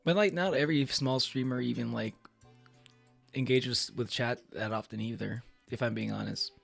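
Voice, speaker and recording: Gravelly young man rambling on stream. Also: medium pitch, normal speed, a bit bright, soft background music. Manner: rambling, many fillers and restarts, laughs often. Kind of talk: casual livestream chat.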